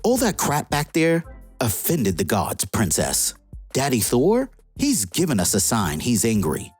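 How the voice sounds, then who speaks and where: A woman's voice: very deep voice, wildly swooping pitch, measured pace, a little mellow, slightly rough, faint music behind, full character voice. A woman voicing a cruel street thug, a grown man who taunts his victim. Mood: taunting.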